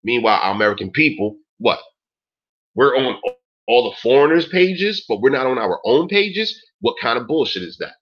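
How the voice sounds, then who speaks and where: Husky-voiced man ranting profanely. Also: mid-range voice, big pitch swings, normal speed. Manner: profane, emphatic, repeats "yo" and "man". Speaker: host. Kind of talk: casual rant on a talk stream. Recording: dull lo-fi recording.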